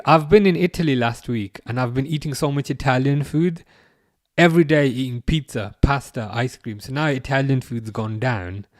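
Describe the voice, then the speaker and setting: Recorded at studio quality with no room sound, a medium-pitched man hosts a football watch-along stream. He chats casually and loosely, rambling and restarting frequently while replying to viewers' comments.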